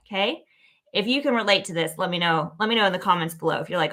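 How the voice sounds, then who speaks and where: A woman hosting her own show, giving a casual, animated motivational talk full of "like" and "okay?". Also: medium pitch, moderate pace. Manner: animated, chatty, lots of "like" and "okay?". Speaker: keynote speaker and show host.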